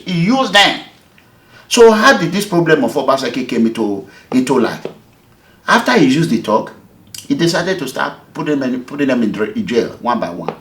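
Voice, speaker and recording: A Nigerian man with a lively, swooping voice tells his story in an interview, acting out the back-and-forth of each exchange. The voice carries a noticeable room echo. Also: a little high. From Nigeria, Edo State. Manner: animated, emphatic, acts out the dialogue. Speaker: activist, movement leader. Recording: echoey room.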